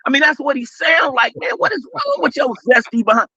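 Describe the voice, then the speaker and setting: A very high, bright, forceful male voice rants and mocks with big swings in loudness. The sound is dry and a little dull, like lo-fi stream audio. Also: a little fast, hardly any pauses, no echo. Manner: loud, mocking, animated ranting. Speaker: co-host. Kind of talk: casual commentary chat.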